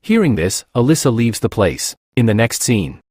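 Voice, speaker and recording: A man's voice: moderate pace, no room sound, studio quality. A man reading a comic recap as narrator, doing every character's lines in one plain voice. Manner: reads every part in one plain voice, lively pitch.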